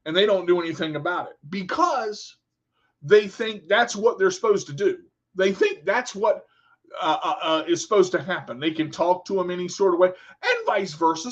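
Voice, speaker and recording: A man's voice: sits high, muffled recording. A man hosting a radio show, giving an earnest, rambling motivational monologue with repeated words.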